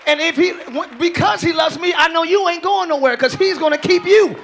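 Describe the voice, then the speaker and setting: A man pastor preaching a live sermon in church, building to shouted passages and joking asides to the congregation. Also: extremely high pitch, a little fast, gravelly, faint music behind.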